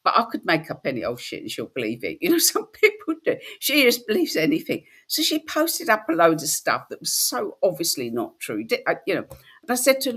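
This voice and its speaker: A woman who hosts spiritual workshops, chatting casually and telling stories with lively quoted voices. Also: lowish voice, a little fast, breathy edge. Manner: animated storytelling, slips into quoted voices. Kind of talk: casual chat.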